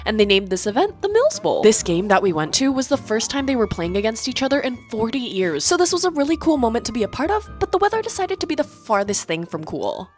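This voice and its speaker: Quick, upbeat woman's voice-over with music. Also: on the high side, big pitch swings. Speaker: vlogger narrating. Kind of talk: scripted voice-over narration.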